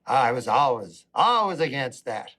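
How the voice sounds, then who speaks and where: A middle-aged man doing a stand-up comedy routine, with a deadpan, rambling delivery full of asides. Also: medium pitch, unhurried, soft background music.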